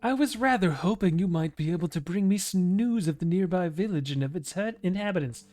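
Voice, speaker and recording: A man's voice: high voice, animated, fairly quick, a little mellow, soft background music. A man reading as a wistful mermaid. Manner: plain read-aloud, no character voice. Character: gentle wistful female mermaid.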